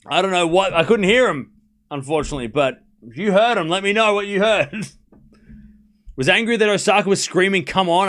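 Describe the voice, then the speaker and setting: Guy streaming a tennis watchalong, fairly high voice, chatty, laughs a lot. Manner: excitable, laughs often, thinks aloud with restarts. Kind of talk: live commentary and casual chat.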